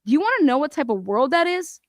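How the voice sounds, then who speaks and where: A high-voiced woman delivers a heated commentary rant. She swears freely and hammers the people she means with rhetorical questions. Her voice sounds dry and close, with little room sound. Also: big pitch swings, fast talker, dry recording. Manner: angry, profane, confrontational. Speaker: commentary host. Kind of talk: ranting commentary on a court case.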